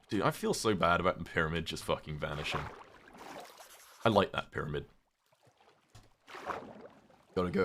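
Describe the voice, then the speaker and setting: A man's voice: deep voice, bright, forceful tone, a little hiss or hum. A man streaming a game, rambling in casual chat and often laughing at himself. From United Kingdom. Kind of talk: casual livestream chat while playing a game.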